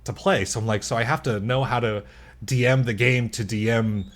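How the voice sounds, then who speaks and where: A man's voice: mid-range voice, normal speed, slight background noise. A man chatting as a podcast guest, rambling and often laughing mid-sentence. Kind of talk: casual chat.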